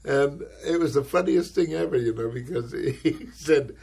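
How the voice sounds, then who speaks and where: Husky older man telling a story. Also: fairly high pitch, normal speed. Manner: animated, acts out quoted voices, frequent "you know". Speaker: actor recalling his career. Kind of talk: anecdotal interview storytelling.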